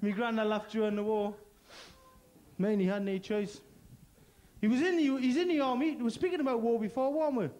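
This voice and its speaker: A Geordie comedian from Gateshead in North East England does a crude, punchy stand-up set and banters with the crowd. His voice is very high and a little mellow, and he talks fairly quickly with long pauses.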